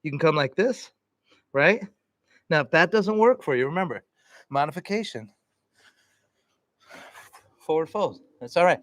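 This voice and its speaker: A man leading a vinyasa yoga class, calmly cueing breath and poses with relaxed encouragement. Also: a little high, a little slow, pauses often, no echo, studio quality. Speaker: yoga instructor.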